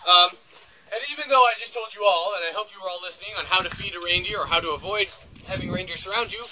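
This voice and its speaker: Fast-talking high-voiced man guiding visitors. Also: rough recording. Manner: teasing, chatty, laughs often. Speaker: reindeer farm guide. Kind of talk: joking instructional talk to visitors. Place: outdoor reindeer pen. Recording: outdoor tour with crowd audible. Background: group of visitors.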